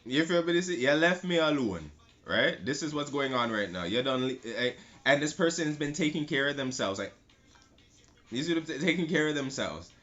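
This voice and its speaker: A man's voice: on the high side, lively intonation, moderate pace, a bit bright. Male tarot reader, loose and repetitive, slightly dull sound over faint music. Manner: loose, repetitive, swearing, lots of "right?". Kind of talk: casual tarot reading.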